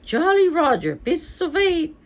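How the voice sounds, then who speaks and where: A woman voicing a squawking pirate parrot with a high, squeaky voice. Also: sing-song, a little slow, full character voice.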